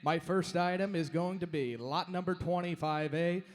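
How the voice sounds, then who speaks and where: High-voiced auctioneer man from Washington. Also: normal speed. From Washington state, USA. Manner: polite pitch, then rolling bid calls. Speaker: auctioneer contestant. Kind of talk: formal introduction then auction chant.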